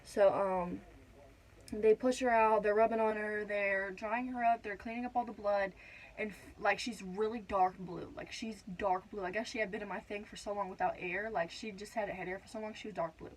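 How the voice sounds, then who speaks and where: A teenage girl vlogging a casual storytime at home, chatty and full of "like", acting out quotes in a higher voice. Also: fairly even intonation, normal speed, slight background noise, poor audio. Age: teens. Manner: chatty, says "like" a lot, acts out quotes in a higher voice.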